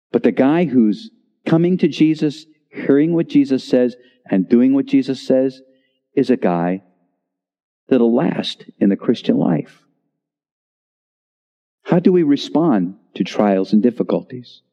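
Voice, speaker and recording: A man in his sixties preaching a sermon in a church, with dramatic pauses and voice dropping low on key words. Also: expressive, creaky, mellow. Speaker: pastor. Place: church sanctuary. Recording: reverberant church hall, slightly dull.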